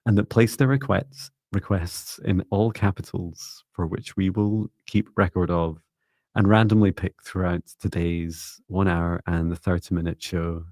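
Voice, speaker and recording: Low gravelly guy hosting a live stream, chatty, laughs a lot, dry close mic. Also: steady tone, unhurried, a little mellow, no room sound. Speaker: co-host, psychic reader. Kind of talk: live-stream chat and readings.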